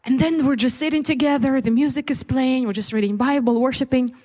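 A woman's voice: high voice, a little fast, warm tone, in a large hall. A woman preacher and mother giving a candid, conversational testimony in a sermon, with many fillers and restarts. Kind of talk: personal testimony within a sermon. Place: church service.

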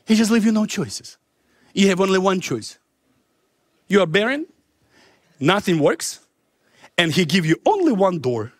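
Animated high-voiced preacher. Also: male voice, unhurried, pauses often, no echo, clean studio sound. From former Soviet Union. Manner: joking storytelling turning to earnest appeal; non-native grammar. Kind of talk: sermon.

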